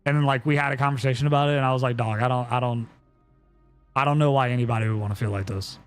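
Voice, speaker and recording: A man's voice: mid-range voice, steady tone, racing, clean tone, faint music behind. A young man chatting casually on a live stream, telling a story in a rambling way with lots of fillers and swearing.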